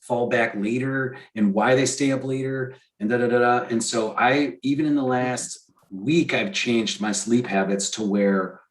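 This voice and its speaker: A man's voice: mid-range voice, fairly even intonation, unhurried, few pauses. A man co-hosting a podcast in casual chat, rambling with enthusiasm and many restarts. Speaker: podcast co-host.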